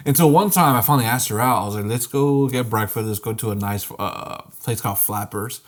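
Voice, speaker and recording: A young man co-hosting a podcast tells a laid-back story in casual chat, swearing freely. His voice is medium-pitched and a little fast.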